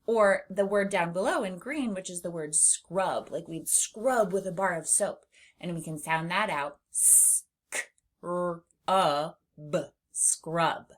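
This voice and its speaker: Cheerful woman teaching children phonics. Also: lowish voice. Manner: upbeat, sings out greetings, models sounds slowly.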